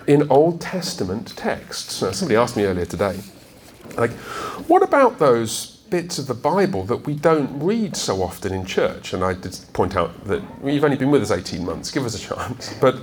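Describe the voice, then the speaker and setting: A man delivers a teaching sermon from the front of a church. His pitch rises and falls a great deal as he stresses points and turns to the listeners with quick rhetorical questions. A faint background hum sits under the voice. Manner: animated, emphatic, asks the congregation rhetorical questions. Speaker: preacher.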